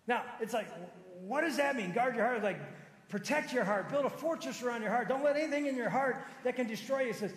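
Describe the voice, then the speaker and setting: A middle-aged man preaching a sermon, telling personal stories, moving from loud emphatic lines to soft low ones. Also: expressive, fast. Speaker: pastor. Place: large church sanctuary. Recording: roomy hall reverb.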